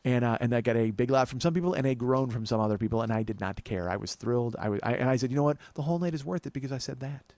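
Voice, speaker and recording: A man's voice: mid-range voice, animated, rapid-fire, hardly any pauses, darkish tone, no echo. A man in his forties hosting a comedy podcast, talking in a crude, self-mocking, rambling monologue full of digressions and plugs. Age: 40s.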